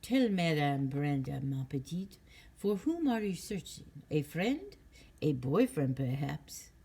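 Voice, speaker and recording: A woman's voice: deep voice, very animated, takes it slowly, dark tone, husky, heavily acted. A woman reading a storybook, voicing a theatrical young fortune-teller with a whispery put-on French accent. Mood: mysterious.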